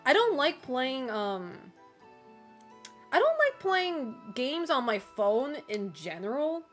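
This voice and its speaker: A woman with a slightly higher voice talking casually on her stream, leaning on "like" and "you know" and laughing often between remarks. Soft music plays low in the background. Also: very animated, slow pace. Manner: loose and chatty, full of "like" and "you know". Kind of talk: casual chat with a live chat.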